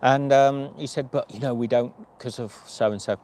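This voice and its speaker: A man's voice: mid-range voice, steady tone, moderate pace, a little mellow, a little hiss or hum. Chatty man telling anecdotes. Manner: chatty anecdotes acting out quoted dialogue. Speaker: vlogger and long-distance hiker. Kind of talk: livestream storytelling chat.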